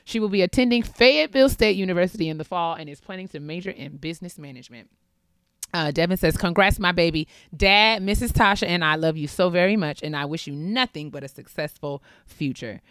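A woman co-hosting a podcast, reading listener shout-outs aloud and cheering the listeners on. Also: on the low side, brisk, smooth, dry recording, studio quality. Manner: warm and encouraging, cheering listeners on. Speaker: podcast co-host. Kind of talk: casual chat, reading listener letters aloud.

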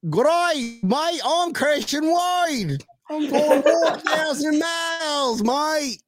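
A man's voice: very high-pitched, animated, drawn-out words, very noisy, pitched above the performer's own voice, exaggerated voice. A man putting on a joking Australian accent to impersonate a sports star, exaggerated and sing-song. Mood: boisterous. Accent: put-on Australian. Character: put-on Aussie sports star, boisterous man.

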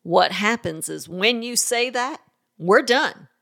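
A woman's voice: on the high side, lively intonation, takes it slowly, creaky, fairly bright tone. A woman co-hosting a parenting podcast, giving practical, firm advice in a casual chat and laughing easily.

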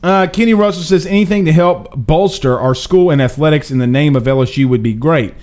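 A man hosting a live sports talk show, reading viewer comments in an emphatic, animated, slangy way. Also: on the high side, a little fast. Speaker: host.

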